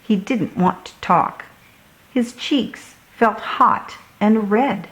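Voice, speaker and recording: A woman reading a picture book to children, unhurried and gentle. Each line comes slowly and clearly, in a calm storytime voice. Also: medium pitch, poor audio. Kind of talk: storybook read-aloud.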